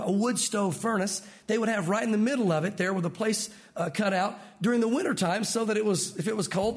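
A middle-aged man preaching a sermon, animated, acting out the voices of people in his story. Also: high-pitched. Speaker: pastor.

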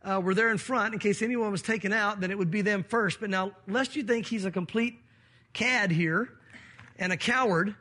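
A man's voice: high-pitched, normal speed, sharp tone. A man preaching a sermon, explaining scripture and acting out the quoted voices of the people in the story. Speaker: pastor.

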